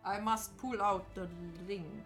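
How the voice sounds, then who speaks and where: A woman's voice: mid-range voice, measured pace, a bit bright, faint music behind. A woman streamer chatting casually while she sews, talking to herself and answering her chat in a playful way.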